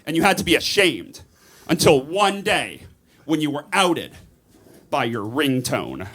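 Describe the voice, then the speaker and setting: A man in his thirties doing a stand-up comedy set on a club stage, campy and animated, with sudden high squeals on punchlines. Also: unhurried. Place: comedy club stage before a live audience. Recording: live club recording, loud laughter. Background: loud audience laughter.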